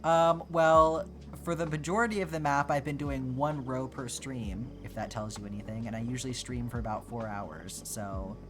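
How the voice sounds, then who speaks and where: A chatty livestreamer talking to viewers in a relaxed, off-the-cuff way while crafting at home. The tone is playful, with mock indignation and teasing back at the chat, and music plays underneath. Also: medium pitch, normal speed. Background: background music.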